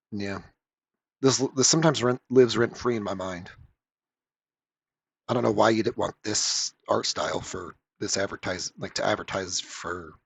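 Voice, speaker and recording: A man's voice: fairly low pitch, gravelly, slightly rough, dry recording. A man rambling casually in a vlog, offhand and loose, with frequent swearing. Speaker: comic reviewer.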